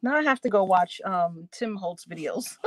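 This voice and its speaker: A woman's voice: medium pitch, lively intonation, normal speed. A woman hosting a crafting live stream, chatting casually with her viewers and laughing often as she works. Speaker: crafting channel host.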